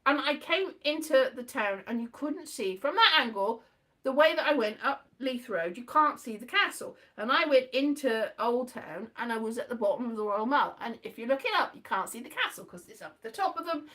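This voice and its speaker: A woman's voice: a little high, expressive, fairly quick, a bit bright. A woman vlogger rambling casually to her viewers, giggly and self-mocking.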